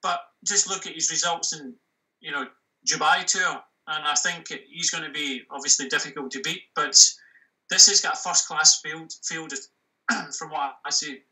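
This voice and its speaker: A middle-aged man with a West of Scotland accent, chatting casually and a little haltingly as a guest pundit. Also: a little high, far from the mic, poor audio. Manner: relaxed, chatty, hesitant with fillers. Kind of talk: casual interview chat.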